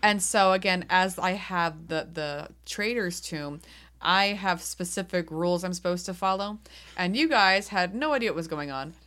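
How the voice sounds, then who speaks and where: A woman co-hosting a podcast, chatting casually and acting out little quotes with a giggly, animated manner. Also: lowish voice, moderate pace, clear, resonant tone. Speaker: podcast co-host. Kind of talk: casual chat.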